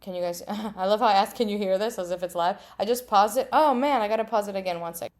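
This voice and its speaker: A woman's voice: medium pitch, quick pace. A woman hosting her own podcast, talking candidly and animatedly in a casual solo monologue, acting out her inner voices, laughing at herself and swearing freely. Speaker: podcast host.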